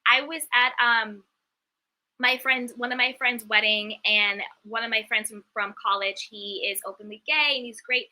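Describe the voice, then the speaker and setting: Young adult woman, very bright tone, slightly high pitch, emphatic casual live-stream chat. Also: steady tone, normal speed, poor audio. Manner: candid, emphatic, chatty, reads viewer comments aloud. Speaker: reality TV commentary host.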